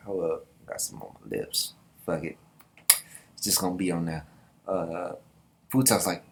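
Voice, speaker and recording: A man with a lowish voice hosts a casual manga reaction, commenting in loose slang and often breaking into laughing asides.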